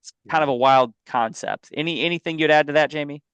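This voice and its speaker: Brief: male co-host, insurance agent, emphatic and chatty, smooth clear voice, dry close sound. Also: a little high, fast, a bit bright, dry recording, lo-fi sound. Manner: emphatic and conversational, tells stories with asides. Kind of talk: casual business podcast talk.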